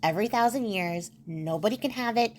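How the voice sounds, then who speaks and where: A woman's voice: mid-range voice, a little fast, slight background noise, close to an everyday voice. A woman voicing the Jade Emperor, a stern male ruler of heaven, speaking in a solemn, matter-of-fact way.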